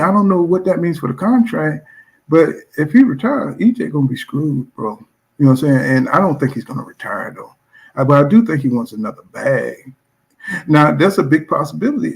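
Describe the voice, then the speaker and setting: This boxing channel host has a gravelly, fairly high voice as he chats casually through viewer comments. He's blunt and profane, leaning on fillers such as "you know what I'm saying."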